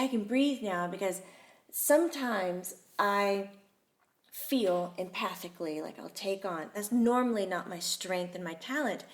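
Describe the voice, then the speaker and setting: A woman hosting a casual chat, telling stories in an animated, chatty way. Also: mid-range voice. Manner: chatty, animated storytelling with laughter. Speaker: host.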